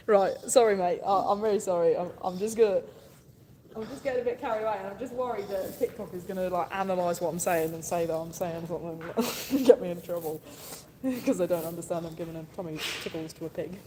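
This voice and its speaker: Filming on a handheld phone from her farm, a woman chats and laughs with her livestream viewers and coos fondly at the animals, rambling as she goes. She has a lowish voice with fairly even intonation and a quick pace, sounding as if in a large hall amid noisy outdoor farm sound.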